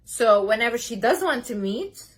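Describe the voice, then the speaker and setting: Young woman, breathy voice, slightly high, emphatic, casual motivational talk. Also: big pitch swings, moderate pace. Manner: emphatic, talks with hand gestures. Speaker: motivational speaker.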